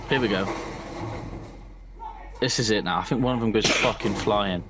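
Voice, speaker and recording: A young man in casual podcast chat, reacting with swearing and quick laughs. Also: mid-range voice, lively intonation. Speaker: podcast co-host.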